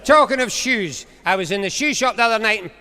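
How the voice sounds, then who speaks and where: Scottish comedian in a reverberant concert hall. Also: male voice, high-pitched, lively intonation, sharp tone. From Scotland. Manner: joke-telling storyteller acting out quick exchanges. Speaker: stand-up comedian. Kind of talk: stage comedy monologue. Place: large concert hall on stage. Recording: live hall recording with long reverb.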